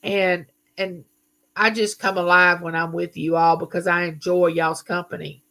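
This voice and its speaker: Bright-voiced woman hosting live chat. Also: on the low side, flat delivery, normal speed. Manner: chatty, reads viewer comments aloud. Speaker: livestream host.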